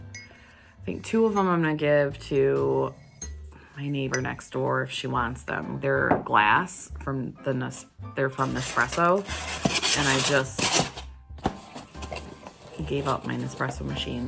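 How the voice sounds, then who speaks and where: A woman vlogging casually about her crafts, chatty and unhurried, thinking aloud to her viewers. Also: low-pitched, vocal fry, fairly bright tone. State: hiccups.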